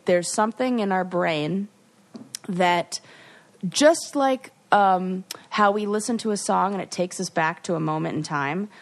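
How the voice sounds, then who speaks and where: A woman co-hosting a podcast, retelling what she watched in a lively, chatty way with restarts and playful asides. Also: on the low side. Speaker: podcast co-host. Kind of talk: casual chat.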